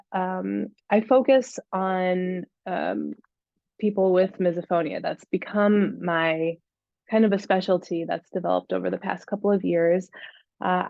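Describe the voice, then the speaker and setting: A woman's voice: fairly low pitch, gravelly, a little mellow, no echo. A woman in her thirties, a therapist on a video-call panel, talking earnestly and searching for words with many fillers. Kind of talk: panelist introduction. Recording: dull lo-fi video-call audio.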